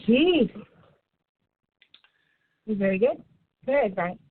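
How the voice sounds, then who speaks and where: A woman's voice: a little high, dry recording. A woman co-hosting a radio interview, encouraging and laughing often. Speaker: radio co-host. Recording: phone line.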